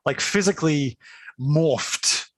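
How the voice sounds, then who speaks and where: A man's voice: on the high side, slow pace, no room sound. Chatty, enthusiastic man running a game. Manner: enthusiastic, chatty, full of fillers and laughs. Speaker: game master. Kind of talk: narrating a tabletop game.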